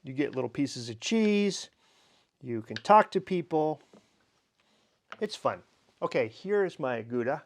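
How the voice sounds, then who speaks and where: A man's voice: a little high, big pitch swings, slow pace, pauses often. A middle-aged man from Minnesota, a wine educator hosting a casual tasting vlog, telling rambling, jokey stories with fillers. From Minnesota, USA.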